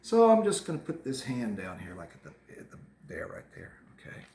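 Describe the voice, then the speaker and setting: A man's voice: medium pitch, wildly swooping pitch, fairly quick, a little mellow, reverberant, a little hiss or hum. A man teaching an art lesson to children, chatting them through each step of a craft project. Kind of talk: casual art lesson demonstration for kids.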